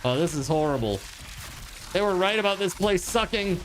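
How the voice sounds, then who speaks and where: A man giving casual, excitable commentary while streaming a survival game. He swears freely, yelps in alarm and breaks into laughter. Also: sits high, slight background noise. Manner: retells chats in quick put-on voices.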